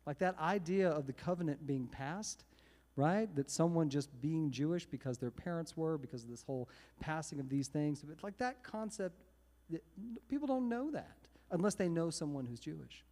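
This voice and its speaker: A man, a singer-songwriter telling a self-mocking story between songs at a live synagogue service, chatty and animated. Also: on the high side, moderate pace. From Texas. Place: synagogue sanctuary, live event. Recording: reverberant hall with guitar behind.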